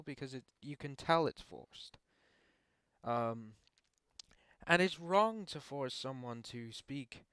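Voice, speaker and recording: A young man hosting his own channel, answering viewer questions in casual opinion talk, pausing often with ums and restarting his sentences. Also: mid-range voice, fairly bright tone, clear, resonant tone, no room sound. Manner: hesitant, frequent ums and restarts.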